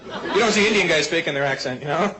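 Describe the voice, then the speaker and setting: A man's voice: fairly high pitch, fast. A man performing a stand-up routine on a club stage, teasing the audience. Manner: playful, teasing the crowd. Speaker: stand-up comedian. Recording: loud club crowd and noise.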